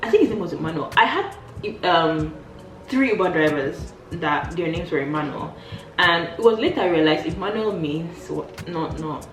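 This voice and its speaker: A woman with a lowish voice tells stories casually for her vlog, animated and jumping into bits of dialogue. She sounds a little distant from the mic in a roomy, echoing space. Faint music plays underneath. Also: moderate pace, a little hiss or hum. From Nigeria. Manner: animated, acts out quoted dialogue with big pitch jumps. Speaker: vlogger. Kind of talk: casual storytelling chat.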